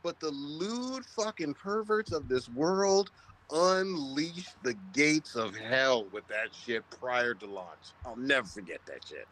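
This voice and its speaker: A man co-hosting a casual chat, telling crude stories in an emphatic, animated way. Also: mid-range voice, takes it slowly, poor audio. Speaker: podcast co-host.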